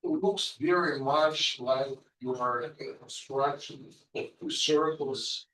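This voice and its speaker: A man speaks up from the audience of a lecture, working slowly through a technical point with many pauses and fillers. His voice is mid-pitched and distant from the microphone. The hall around him adds a noticeable echo. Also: pushed and bright. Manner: slow, halting, many fillers. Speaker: audience member asking a question. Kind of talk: question after a lecture. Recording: echoey hall, voice from far off.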